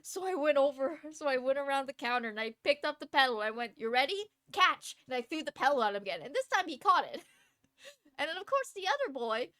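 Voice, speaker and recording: A woman's voice: high-pitched, sing-song, fast talker, a bit bright, no echo, studio quality. A woman live streamer telling a story in a chatty, casual way, laughing often between phrases. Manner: chatty, lots of fillers and restarts.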